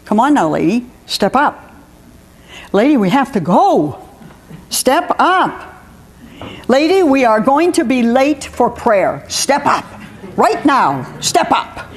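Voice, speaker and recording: A woman's voice: mid-range voice, very animated, moderate pace, gravelly, husky, long reverb tail, full character voice. A woman reading aloud voices a firm woman coaxing and ordering a stubborn parrot, insistent and repetitive. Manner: coaxing then insistent commands.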